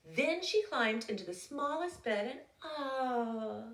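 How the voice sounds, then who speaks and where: A young adult woman reading a children's story aloud with a slow, expressive, animated delivery, recorded in a roomy space a little way off from the mic. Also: on the high side, slight background noise. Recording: roomy, from a distance.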